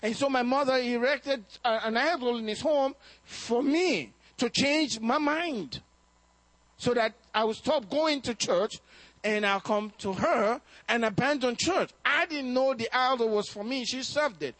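A man's voice: very high voice, a little slow, a bit bright, dry recording. A man preaching a sermon, telling a personal story with acted-out quotes and laughs. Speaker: pastor.

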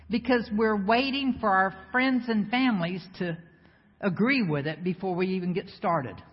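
Woman, preacher, lively sermon, banters with the congregation, long church echo, slightly muffled sound. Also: lowish voice. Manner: lively, banters with the congregation, asks rhetorical questions. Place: church sanctuary before a congregation. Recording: echoey hall, slightly dull sound.

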